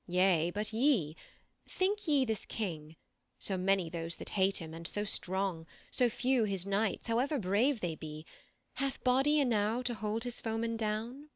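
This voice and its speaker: A woman reading the lines of a worried aging king in a gravely questioning tone, as part of a dry audiobook recording. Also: mid-range voice, lively intonation, unhurried, no echo. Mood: troubled.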